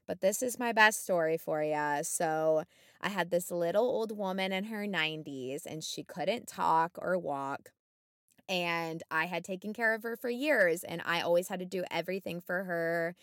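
Bright, animated woman telling a story. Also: lowish voice, moderate pace, no echo, clean studio sound. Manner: animated, many fillers, acts out quotes. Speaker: podcast co-host. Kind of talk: casual storytelling chat.

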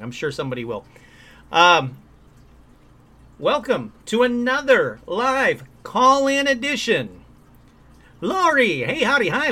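High, lively chatty male host. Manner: chatty and upbeat, many ums and uhs. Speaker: host of a paranormal call-in show. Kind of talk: casual live-stream chat. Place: indoor room at home.

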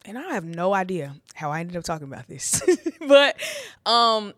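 A woman's voice: on the low side, big pitch swings, normal speed, fairly bright tone, dry recording, studio quality. A young woman, a preacher, talking through her testimony on a podcast in a candid, heartfelt way, with a lot of "like" fillers. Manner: conversational, heartfelt, with frequent "like" fillers.

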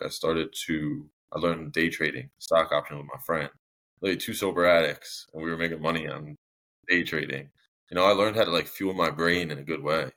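A man's voice: a bass voice, fairly bright tone. A young man telling his own story as a podcast guest, candid and rambling, with many restarts and fillers.

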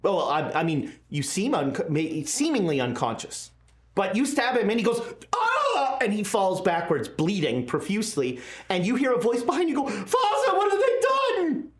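A woman narrating a tabletop horror game as game master, talking in quick asides. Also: medium pitch, big pitch swings. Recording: echoey room.

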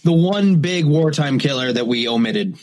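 A man's voice: on the high side, expressive, moderate pace, a little mellow. A man co-hosting a true crime podcast, joking crudely and swearing freely. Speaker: podcast co-host.

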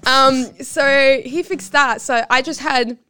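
A woman in her twenties, a photographer and podcast guest, telling animated, dramatic stories in casual chat and saying "like" often. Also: high-pitched, takes it slowly, clean tone, dry recording, studio quality, faint music behind. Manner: animated, dramatic storytelling full of "like".

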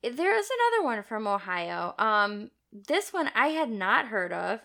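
Bright-voiced woman telling a story. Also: fairly high pitch, very animated, measured pace, vocal fry. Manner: storytelling, recounting cases with frequent small laughs. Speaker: podcast co-host. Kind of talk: casual chat.

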